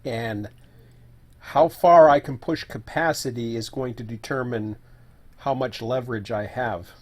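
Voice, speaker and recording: A man's voice: medium pitch, unhurried, a little mellow. A man casually talking through a solo live stream, thinking aloud with fillers and self-corrections, sometimes while eating.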